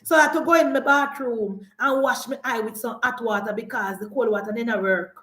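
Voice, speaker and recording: A woman's voice: on the high side, a little fast, a bit bright, echoey room. A Jamaican woman delivering an impassioned political rant as a commentator, fiery and mocking, hammering her points with repeated rhetorical questions. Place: indoors, filming herself for social media.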